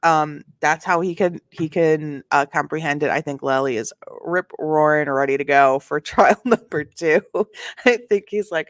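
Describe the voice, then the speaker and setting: A woman's voice: low-pitched, unhurried, no room sound, studio quality. A woman commentating casually on a court case, reading filings aloud and reacting with chatty asides and frequent restarts. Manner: reads documents aloud, then reacts with sass.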